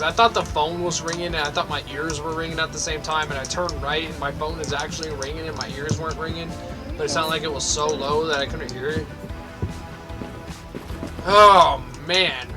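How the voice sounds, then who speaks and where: A young man giving sweary, mock-angry let's play commentary. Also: on the high side. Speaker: gaming video host.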